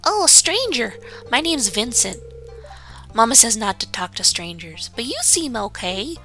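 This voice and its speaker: An eager, innocent little boy, as a woman puts him on for a video game. The voice jumps well above her own, bright and forceful, with a faint rasp left underneath. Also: a little high, big pitch swings, measured pace, soft background music, voice pushed up, heavily acted. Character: cheerful chatty little boy. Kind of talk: game character voice.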